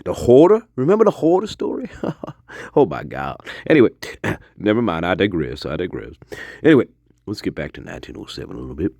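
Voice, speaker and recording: A man playing a rambling, profane old Delta storyteller with a husky, gravelly voice, drifting off into digressions. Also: medium pitch, no room sound, exaggerated voice. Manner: rambling, profane, digressive, jumps between hushed mutters and loud outbursts. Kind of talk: improvised comedic monologue.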